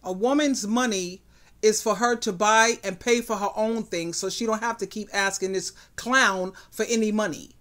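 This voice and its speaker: Woman, vlog host, preachy, outspoken, medium pitch. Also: moderate pace, a bit bright. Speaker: host giving relationship advice. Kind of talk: commentary vlog.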